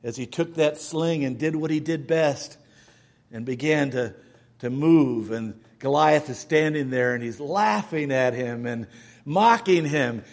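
A male preacher delivers a storytelling sermon in a high voice. He takes his time and lets the loudness rise and fall for drama. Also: a little slow, creaky.

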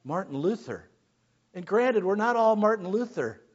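A man preaching a sermon, swinging between hushed lines and shouted ones. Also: sits high, sing-song, moderate pace, muffled recording. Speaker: pastor.

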